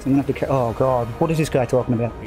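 A man's voice: medium pitch, rapid-fire, over music. A man streaming a video game live, rambling casually and joking at his own expense while chatting with viewers. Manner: rambling, self-mocking banter with chat.

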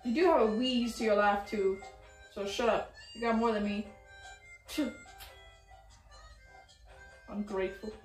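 A woman's voice: mid-range voice, fairly even intonation, measured pace, pauses often. A woman streaming while she paints an office, chatting casually, giggling and swearing freely. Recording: roomy, voice far from the mic, faint music.

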